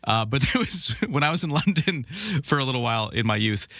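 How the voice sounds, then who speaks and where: A man co-hosting a morning radio talk show in casual banter, animated and quick, stumbling and laughing as he goes. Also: mid-range voice, creaky, no room sound, clean studio sound. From Canada. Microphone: studio microphone.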